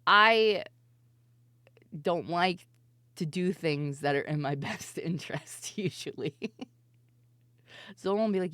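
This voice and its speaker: A woman's voice: low-pitched, measured pace, long pauses, a bit bright, no echo. A young adult woman streamer chatting casually and rambling through stories, giggling often and mimicking voices as she tells them.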